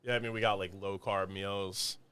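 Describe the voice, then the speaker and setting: A man's voice: on the low side, steady tone, moderate pace, pushed and bright, clear, resonant tone, no echo. A man, a guest on a podcast, chatting casually about his meal prep business with a laid-back, rambling manner and many fillers.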